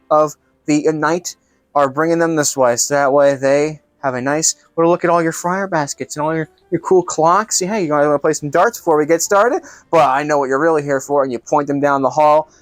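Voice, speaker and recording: A man's voice: fairly high pitch, dry recording. A man hosting a comedic cooking vlog, narrating in a playful, mock-grand showman way. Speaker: cooking show host.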